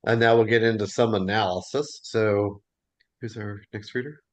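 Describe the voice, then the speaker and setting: A man leading a Bible study class in a relaxed, chatty way with plenty of fillers. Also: on the low side, moderate pace. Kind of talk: casual class discussion.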